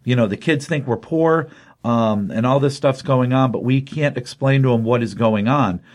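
A man's voice: mid-range voice, moderate pace, close to an everyday voice. A man doing a worried middle-aged dad.

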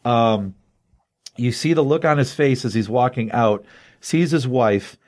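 A man hosting a casual comic book chat, excitedly retelling a story in a loose, rambling way. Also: mid-range voice, unhurried. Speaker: comic book podcast host.

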